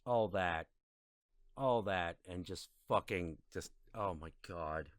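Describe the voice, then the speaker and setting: A man's voice: sits low, slow, faint music behind. A man streaming a video game, ranting in frustration with plenty of swearing and repeated half-finished phrases. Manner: trails off into mutters and repetitions. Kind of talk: casual gaming stream chat.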